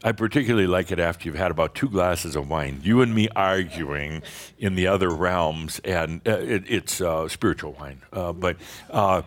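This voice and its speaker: Deep-voiced man giving a playful spiritual talk. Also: normal speed. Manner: rambling, playful, chuckles often, many restarts. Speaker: spiritual teacher addressing an audience. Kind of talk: channeled spiritual talk to a live group.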